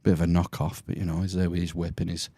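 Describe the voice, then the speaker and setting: A low-pitched man chats casually as a podcast host, wandering from one film memory to the next with plenty of fillers. His voice is dry and close, with no room echo. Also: little pitch movement, fast, warm tone, slightly rough. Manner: chatty, reminiscing, with fillers. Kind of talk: casual chat.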